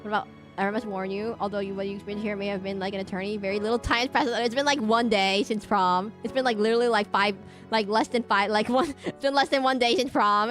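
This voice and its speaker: A woman's voice: medium pitch, a bit bright. A woman streamer playing a romance horror game, reading the characters' lines aloud with drama and breaking off to react and laugh. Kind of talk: reading game dialogue aloud during a let's play.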